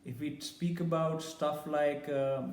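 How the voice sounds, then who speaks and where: A man's voice: fairly high pitch, level tone, takes it slowly, darkish tone. Opinionated man in an echoey room. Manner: blunt, opinionated. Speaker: tech reviewer. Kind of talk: casual product review.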